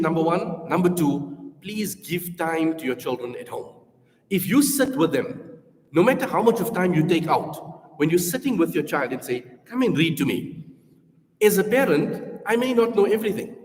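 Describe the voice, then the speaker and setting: A man with a South African accent speaks to parents at a school information session. He explains earnestly point by point, in a fairly high voice that rings out in an echoey hall with long reverb. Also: darkish tone. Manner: earnest, explanatory, numbered points, models recitation aloud. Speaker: school Quran programme presenter.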